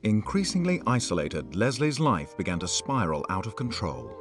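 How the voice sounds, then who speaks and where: A man narrating a scripted documentary with a grave, measured delivery. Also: on the low side, sing-song, music in the background.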